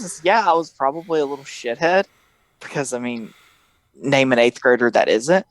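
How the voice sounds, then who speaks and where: A man's voice: mid-range voice, normal speed, dry recording. A young man hosting a casual podcast chat, laughing often and mimicking people in his stories. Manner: laughing, animated, mimics voices in quotes. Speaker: podcast host.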